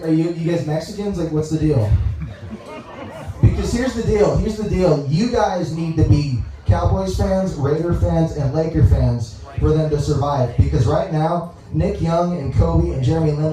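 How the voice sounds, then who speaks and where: A young man from Dallas doing a stand-up comedy set, rambling, halting and crude as he talks to the crowd on a club stage. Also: fairly high pitch. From Dallas, Texas. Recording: echoey room, mic heard from far off.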